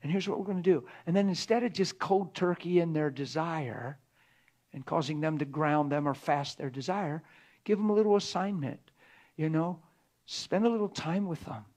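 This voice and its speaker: A middle-aged man preaching in a conversational sermon, often dropping to a hushed whisper for emphasis. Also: fairly high pitch, moderate pace.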